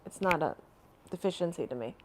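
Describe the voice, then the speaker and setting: A woman's voice: fairly low pitch, animated, a little fast, background noise. A woman hosting a casual live stream from home, rambling and chatting as she answers viewer comments, laughing often between phrases.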